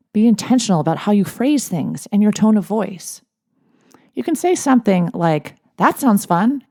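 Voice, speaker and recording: A woman in her forties, a life coach and therapist, speaking in a gentle, encouraging podcast monologue. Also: medium pitch. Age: 40s. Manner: gentle, encouraging, with light laughs.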